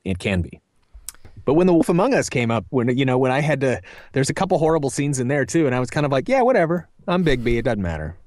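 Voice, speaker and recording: A man's voice: medium pitch, animated, fast talker, darkish tone, dry recording, clean studio sound. A middle-aged man, a voice actor, answering interview questions in a thoughtful, meandering way with many fillers. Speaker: voice actor guest.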